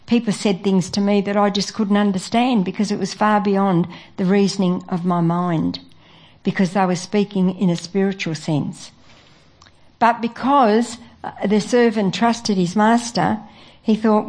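A woman delivers a sermon in an earnest, steady voice of middle pitch. She pauses often with small fillers as she builds her points. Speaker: preacher.

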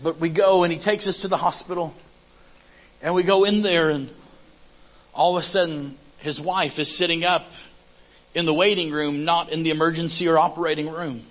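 A man telling a lively, comic testimony story in a sermon, acting out the people in it. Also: fairly high pitch, normal speed, low-quality recording. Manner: animated, comic storytelling with acted quotes.

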